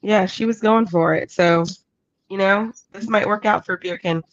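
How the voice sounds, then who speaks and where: A woman's voice: medium pitch, steady tone, moderate pace, no echo. A woman co-hosting an online recap show, chatting casually and teasing her co-host. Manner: joking, teasing. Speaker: podcast co-host. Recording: dry, dull lo-fi audio.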